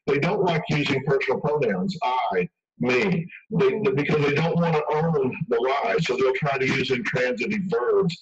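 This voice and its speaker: A man's voice: mid-range voice, big pitch swings, moderate pace, creaky, crowd noise. A man speaking as an expert guest in a radio interview, emphatic and conversational, acting out quoted lines. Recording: dull radio broadcast from far off.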